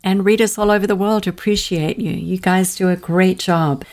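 Woman host interviewing a guest, lowish voice, encouraging and upbeat. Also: steady tone, moderate pace, a little mellow. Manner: friendly, encouraging questions. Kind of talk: casual interview.

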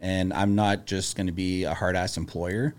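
A man, a business owner, talking in a casual podcast chat and telling stories in a calm, level-headed way. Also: low-pitched, moderate pace.

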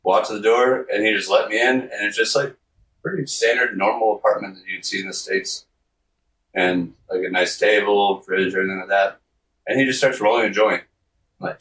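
A man's voice: lowish voice, steady tone, brisk, fairly bright tone. A man as a podcast guest telling a long story in casual chat, full of fillers, and acting out what people said. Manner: rambling, filler-heavy, acts out quotes. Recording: roomy, distant mic.

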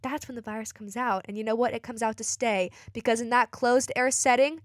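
A woman's voice: a little high, dry recording, studio quality. A teenage girl hosting a youth radio show, chatting in an upbeat, casual way with offhand asides as she gives a public service announcement. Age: teens.

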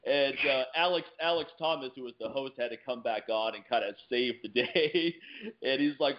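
A man co-hosts a podcast and tells stories with lively energy, acting out what people said. His pitch is ordinary. The sound is a bit dull and lo-fi. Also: moderate pace. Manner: animated anecdote teller, acts out quotes. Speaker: podcast co-host. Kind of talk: casual podcast chat, storytelling.

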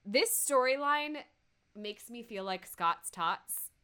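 A woman with a bright, clear voice that rides a little higher than most, chatting casually on a podcast. Her pitch swings widely as she recaps a TV episode, laughing often and acting out lines from the scenes. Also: animated, slow. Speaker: podcast co-host.

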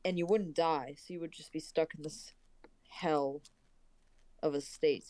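A woman's voice: low voice, fairly even intonation, a little slow, mellow, dry recording, poor audio. A woman playing a tabletop game, chatting casually in and out of character with a hesitant, restarting manner. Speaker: player. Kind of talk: casual tabletop role-play.

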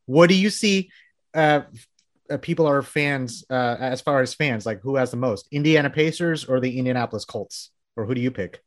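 A man from Texas with a Texan accent, hosting a casual interview and firing off quick questions, laughing often. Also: mid-range voice, dry recording, clean studio sound. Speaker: podcast host.

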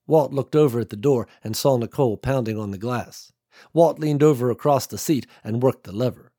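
Husky male audiobook narrator. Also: medium pitch, mellow, no echo, clean studio sound. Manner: measured, dramatic storytelling.

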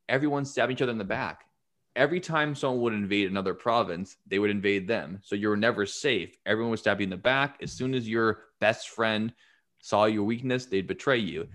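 A man casually retelling history on a podcast, swearing freely and acting out what people said. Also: fairly low pitch. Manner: profane, animated retelling with acted-out quotes. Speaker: podcast host telling history. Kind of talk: casual storytelling chat.

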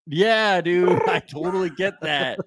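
A man's voice: sits high, slow, very noisy. A man co-hosting a podcast, chatting casually and playfully about a reality show episode, laughing often. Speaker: podcast co-host.

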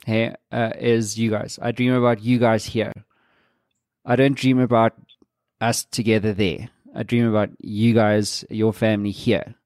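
A man's voice: on the low side, little pitch movement, unhurried, a little mellow, dry recording, clean studio sound. A man hosting a podcast in casual chat, reflective and swearing casually. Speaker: podcast host.

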